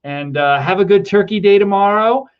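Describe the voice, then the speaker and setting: A man, middle-aged, with a fairly high voice, chatting on a casual livestream and answering viewers. He rambles through ums and restarts and sounds emotional, close to tears. The audio is dull and lo-fi. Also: moderate pace, smooth. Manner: emotional, teary, laughing between words. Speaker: livestream host. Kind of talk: casual livestream chat reading viewer comments.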